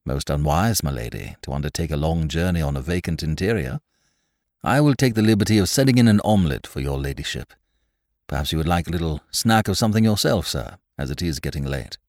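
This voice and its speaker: A man voicing a formal, unflappable male manservant in an audiobook, speaking in a measured, deferential way. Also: rumbling low, lively intonation, darkish tone, dry recording, clean studio sound. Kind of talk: audiobook character voice.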